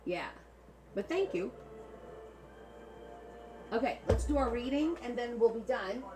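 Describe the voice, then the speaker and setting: A woman's voice: a little high, unhurried, music in the background, poor audio. A woman with a New Jersey accent, hosting a casual livestream and joking with her viewers. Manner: animated and joking, chatting with viewers. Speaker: livestream host.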